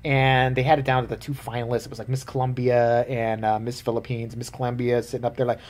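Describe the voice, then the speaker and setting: A vlogger ranting casually to camera in a profane, animated way, laughing often. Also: medium pitch, fast talker.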